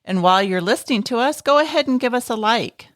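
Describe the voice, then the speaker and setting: A woman's voice: a little high, animated, fast, a bit bright, no room sound, studio quality. A woman guest co-hosting a casual movie podcast, reading out where to find the show in a breezy way. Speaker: guest co-host.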